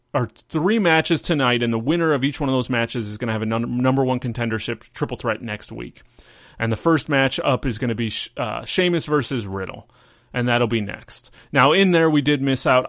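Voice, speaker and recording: A man's voice: medium pitch, a bit bright, no echo, studio quality. A man hosting a casual wrestling podcast, rambling through a recap and acting out quotes in mocking voices. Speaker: podcast host.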